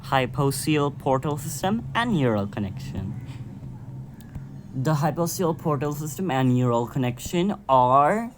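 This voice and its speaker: A casual explainer with an American accent walks through a biology topic in a loose, chatty way. The speaker keeps stumbling, restarting and correcting themselves, and drops in joking asides. Middling pitch, with faint noise in the background. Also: a little mellow. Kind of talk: casual informal lesson.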